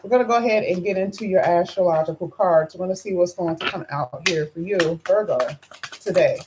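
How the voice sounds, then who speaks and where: A woman runs a live tarot reading, her voice still low from having just woken up. She is chatty and greets her viewers one by one as she lays out the cards. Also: brisk, background noise. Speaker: tarot reader.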